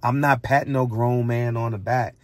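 A middle-aged American man, a barbershop commentator, delivers a heated, blunt, preachy monologue, repeating lines and hammering his points with rhetorical questions. His mid-range voice has fairly even intonation and a moderate pace, with no room sound.

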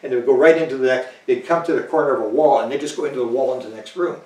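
Guy telling a story in an interview, acts out the quotes, middle pitch, sounds far from the mic in an echoey room. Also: very fast. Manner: animated, chuckling, acts out quoted dialogue. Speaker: interview guest. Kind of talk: anecdotal storytelling in conversation. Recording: roomy, distant mic.

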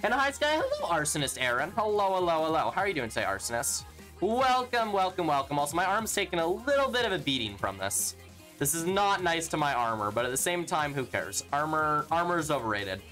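A game streamer chats to viewers while mining, tossing off sarcastic, teasing asides between greetings. The voice swoops widely in pitch from phrase to phrase. Faint music plays underneath. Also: sing-song, fairly quick, pushed and bright. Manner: playful, teasing and sarcastic toward chat. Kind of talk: live gameplay commentary while reading chat.

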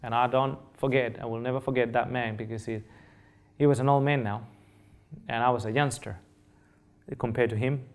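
A man's voice: medium pitch, fairly even intonation, normal speed, pauses often. A middle-aged man whose first language is Spanish, giving a public nutrition lecture in earnest storytelling style, repeating phrases and checking in with the audience.

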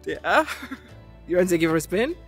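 Animated husband filming a home vlog. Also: male voice, sits high, fast, slightly rough, soft background music. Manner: affectionate, laughing, teasing. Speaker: husband and vlogger.

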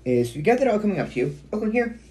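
A man's voice: a little high, very animated, rapid-fire, background noise. A man who works as a dog trainer, casually explaining a method at home while giving his dog short commands. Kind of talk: casual how-to video. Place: at home, indoors.

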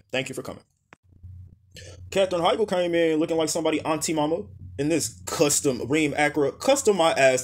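Sassy profane man roasting outfits. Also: a little high. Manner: sassy, profane, blunt put-downs; swings between loud jabs and quiet dismissive mutters. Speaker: host. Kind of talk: comedic fashion roast commentary.

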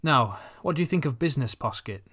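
A man voicing a thin, money-minded schoolboy who talks calmly and deliberately. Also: medium pitch, slightly rough. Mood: calculating. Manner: calm, calculating, deliberate.

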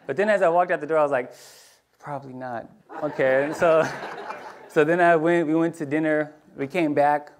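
Guy preaching, casual storytelling, goes quiet and soft on the emotional bits. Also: fairly high pitch, a little fast, noisy background. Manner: animated, acts out voices in his anecdotes; drops to a hushed tone for tender moments. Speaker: pastor. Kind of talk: storytelling sermon.

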